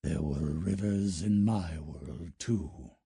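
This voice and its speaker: A male narrator voicing a gloomy alien warrior who speaks in a slow, sad, gravelly growl for an audiobook. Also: very deep voice, warm tone, no room sound, clean studio sound, pitched below the performer's own voice, full character voice. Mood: brooding. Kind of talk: audiobook character voice.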